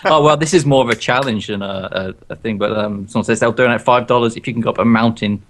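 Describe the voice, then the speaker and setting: A man's voice: mid-range voice, quick pace. Teasing man chatting on a game stream. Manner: teasing, laughing asides. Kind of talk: casual gaming livestream chat.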